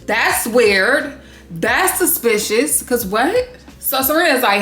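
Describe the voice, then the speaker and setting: A woman's voice: on the high side, slow pace. Woman doing a reality tv recap, swears a lot, echoey room with faint music under it. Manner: blunt, swears freely, animated asides. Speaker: recap vlogger.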